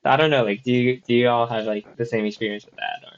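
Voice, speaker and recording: A man's voice: mid-range voice, fairly even intonation, fast. Rambling man on a lo-fi podcast. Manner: rambling, many fillers and restarts. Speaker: podcast co-host. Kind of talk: casual chat. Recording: dull lo-fi audio.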